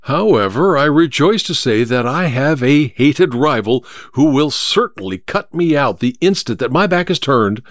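A man reading an audiobook, voicing a cool, confident male detective who speaks in a crisp, amused, measured way. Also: mid-range voice, expressive, no echo, clean studio sound, natural voice. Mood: resolute.

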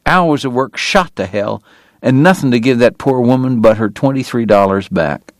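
A man's voice: mid-range voice, animated, moderate pace, dry recording, studio quality, voice pushed up, natural voice. A man voicing a bitter, ailing frontier dentist who speaks in a formal, biting and strained way. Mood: despairing. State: sick, coughing.

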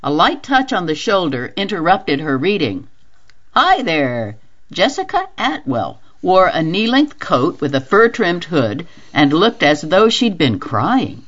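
A woman volunteer reader narrating a novel for a radio reading service in a steady, expressive way. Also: on the low side, measured pace, hardly any pauses, muffled recording.

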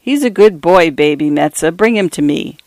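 A woman's voice: on the low side, lively intonation, normal speed, darkish tone, dry recording. A woman reading aloud, voicing a dead old grandmother who speaks soothingly through her grieving daughter.

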